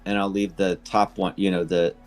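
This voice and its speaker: A man with a lowish voice chats agreeably, rambling a little as he explains himself. Faint music sits underneath. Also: little pitch movement, moderate pace. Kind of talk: casual chat.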